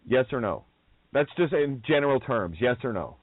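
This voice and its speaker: A man's voice: medium pitch, very animated, moderate pace, dry recording. A man hosting a radio talk, speaking bluntly and nonchalantly, drifting off topic and swearing. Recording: dry tinny phone-quality audio.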